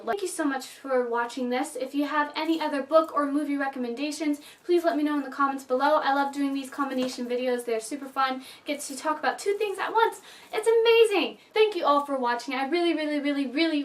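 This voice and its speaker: High-voiced woman gushing in a vlog. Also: quick pace, far from the mic. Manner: chatty and gushing, emotional. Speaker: book and movie reviewer. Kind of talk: casual vlog review.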